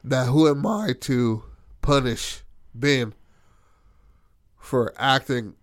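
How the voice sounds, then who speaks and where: A man in the middle of a loose, profane retelling of a game session, jumping into the characters' lines as he goes. His pitch sits at an ordinary middle height. The sound is dry and close, with no room echo. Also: drawn-out words. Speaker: storyteller recounting a tabletop game. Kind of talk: casual storytelling chat.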